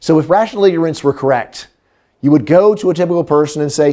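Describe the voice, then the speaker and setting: Animated, joking male economics lecturer. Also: a little high, fast. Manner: humorous, animated, acts out quotes, drops to a hush for calm. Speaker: economics professor giving a lecture. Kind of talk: lively university lecture. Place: lecture hall.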